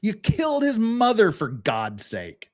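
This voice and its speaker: A man's voice: sits high, huge pitch swings, measured pace, a little mellow. A man hosting a live-stream legal commentary show, ranting in a profane, sarcastic and exasperated way.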